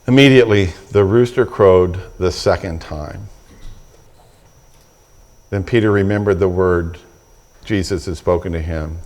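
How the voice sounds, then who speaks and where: A man's voice: low voice, a little slow, pauses often, darkish tone. A middle-aged man preaching a sermon as pastor, retelling scripture with vivid, acted-out quotes and frequent restarts.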